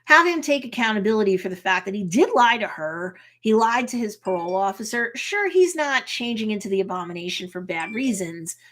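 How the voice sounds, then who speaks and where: A woman attorney casually recapping and commenting on a TV episode, chatty and lively, acting out characters' lines. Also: medium pitch. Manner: lively storyteller who acts out characters' lines; chatty, with frequent um and you know. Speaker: attorney reacting to a TV series.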